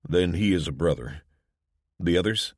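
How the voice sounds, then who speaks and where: Audiobook: man as a pompous, stilted male recruiter, very low voice, dry sound. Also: lively intonation, moderate pace, no echo. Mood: formal. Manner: formal, stilted, preachy.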